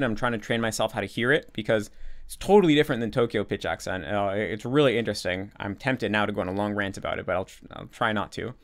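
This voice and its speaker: A man's voice: fairly low pitch, a bit bright. A man hosting a casual Q&A, explaining at length with many restarts and repeated words, and acting out his own thoughts as quoted asides. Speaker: language-learning channel host.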